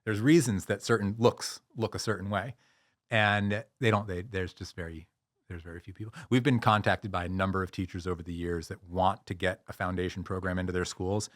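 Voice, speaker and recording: Animated, lower-voiced male storyteller. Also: fairly quick, dry recording, clean studio sound. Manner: animated storyteller, many restarts. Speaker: guest, posture and pain-relief expert. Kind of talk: podcast interview.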